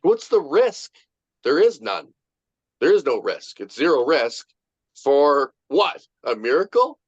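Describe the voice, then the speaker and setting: A man's voice: a little high, big pitch swings, slow, no echo. A man leading a casual motivational group talk, emphatic, swearing freely and repeating his points. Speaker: group leader. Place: online video meeting. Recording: muffled dry video call recording.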